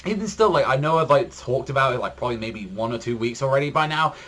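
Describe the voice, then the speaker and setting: A man giving a casual spoken manga chapter review, rambling with constant fillers and jumping up in pitch when excited. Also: fast talker. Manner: rambling, heavy use of "like", frequent restarts.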